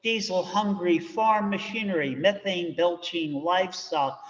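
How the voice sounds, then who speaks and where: A male minister giving a measured, reflective sermon from the pulpit. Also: sits high. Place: church sanctuary. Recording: dull recording with long church reverb.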